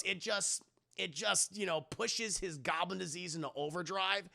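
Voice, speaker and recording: Bright, gravelly-voiced man reviewing a film. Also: high voice, moderate pace. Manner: profane, joking, recaps scenes loosely. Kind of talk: casual spoiler review on a live stream.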